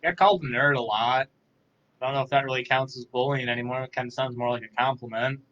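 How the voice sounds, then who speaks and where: A young man with dry, self-deprecating humor, talking softly and a little tired in a casual live interview. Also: medium pitch, steady tone, fast talker, dull audio. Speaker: guest.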